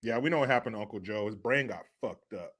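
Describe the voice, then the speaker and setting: A man's voice: fairly low pitch, fast, fairly bright tone, husky. A man hosting a profane political commentary rant, mocking and laughing often. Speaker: show host.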